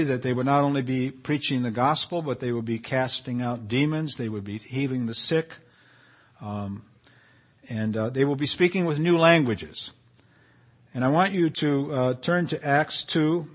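A male pastor preaching a sermon in a conversational way, reading scripture aloud and rising in intensity as he reads. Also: mid-range voice.

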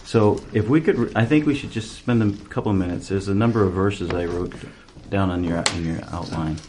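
A man with a very deep voice leads a relaxed group Bible study, chatting and telling stories between readings. The recording has clear background noise. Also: a little fast. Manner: chatty, storytelling, laughs easily. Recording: noisy amateur room recording.

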